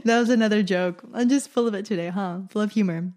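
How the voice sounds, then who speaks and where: A woman's voice: medium pitch, fast, a little mellow. A young woman hosting her own podcast, talking casually and chattily, often laughing at her own jokes. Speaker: podcast host. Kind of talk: casual solo podcast monologue.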